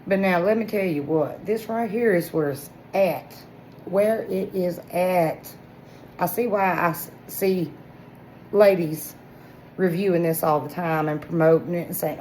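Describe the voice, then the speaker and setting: Excited woman in her forties. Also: on the low side, unhurried, slight background noise, rough recording. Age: 40s. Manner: excitable, chatty, talks straight to viewers with lots of "y'all" and "listen". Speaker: vlogger reviewing products. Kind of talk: casual product review vlog.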